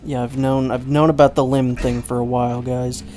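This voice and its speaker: A man's voice: medium pitch, level tone, moderate pace, warm tone. Rambling man giving let's-play commentary. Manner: rambling, chatty, self-mocking. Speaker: gameplay commentator.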